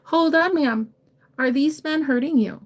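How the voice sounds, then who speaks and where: A woman's voice: sits high, measured pace, slight background noise, pitched above the performer's own voice. A woman voicing a tough, protective man who bluntly confronts bullies. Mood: confrontational.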